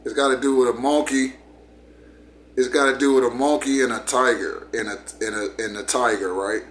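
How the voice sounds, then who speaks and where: A man's voice: medium pitch, steady tone, normal speed, a bit bright, a little hiss or hum. A man hosting his channel, talking casually and telling a story in a laid-back, repetitive way. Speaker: channel host.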